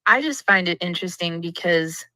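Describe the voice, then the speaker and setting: A woman's voice: fairly low pitch, expressive, a little fast, sharp tone, no echo, rough recording. A woman co-hosting a livestream discussion, thinking aloud and analyzing in an inquisitive way.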